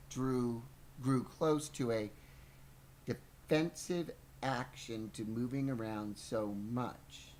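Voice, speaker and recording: Guy reading a book out loud on a podcast, slips on words sometimes, little hiss underneath. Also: mid-range voice, low-quality recording. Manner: reads aloud with stumbles and asides, playful. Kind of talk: live book reading with banter.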